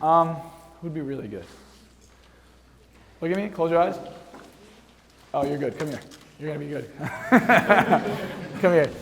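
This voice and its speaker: A young man with a high, light voice speaks on stage to a live audience. His delivery is energetic and boastful, and it carries the long reverb of a large hall. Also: slow pace, vocal fry, pauses often, a little hiss or hum. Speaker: hypnosis seminar speaker. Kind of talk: live seminar talk to an audience.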